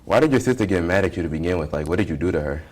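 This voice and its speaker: A man hosting an interview, giving a measured, dramatic intro and asking simple questions. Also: deep voice, expressive, a little mellow. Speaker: host.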